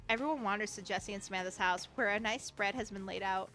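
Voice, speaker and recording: A woman's voice: fairly high pitch, fairly quick, few pauses, pushed and bright, faint music behind. A young woman streaming a game, reading its text aloud with chatty, giggly commentary and casual swearing. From United States.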